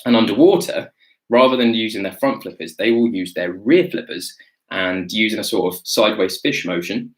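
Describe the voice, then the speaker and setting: A young man with a fairly low voice teaches a live online wildlife lesson. He is chatty and enthusiastic, and he stops to pick up viewer questions along the way. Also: poor audio. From Britain.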